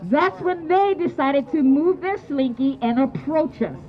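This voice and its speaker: A woman protester addressing a press conference outdoors in a parking lot, making forceful, repeated rallying appeals. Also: high voice, expressive, unhurried, lo-fi sound, a faint crowd. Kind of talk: impassioned public address.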